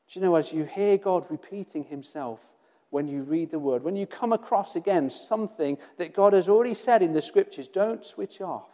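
Male preacher, high-pitched and earnest, rhetorical questions and repetition, recorded with long reverb. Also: warm tone. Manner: earnest, rhetorical questions, repeats phrases for emphasis. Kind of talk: sermon.

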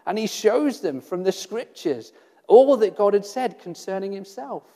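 A man with a fairly high voice preaches a sermon in an earnest, measured way. He keeps asking his listeners rhetorical questions and repeats key phrases. A long reverb trails his voice. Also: lively intonation, warm tone.

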